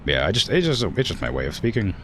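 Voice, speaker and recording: Deep-voiced blunt young male streamer. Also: sing-song, fast, fairly bright tone, a little hiss or hum. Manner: blunt, direct delivery that stresses words hard. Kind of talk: casual gameplay commentary.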